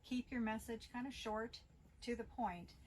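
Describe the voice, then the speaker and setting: Woman explaining safety training, measured. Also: a little high, a little hiss or hum, low-quality recording. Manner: measured, instructional, occasional fillers. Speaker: school bus safety trainer. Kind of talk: training video presentation.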